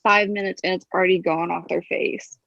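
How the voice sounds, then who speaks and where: A woman's voice: fairly low pitch, steady tone, brisk, creaky, a bit bright, no room sound. A woman chatting casually as a podcast guest, laid-back and laughing often. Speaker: guest, makeup artist. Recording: dull, lo-fi remote audio.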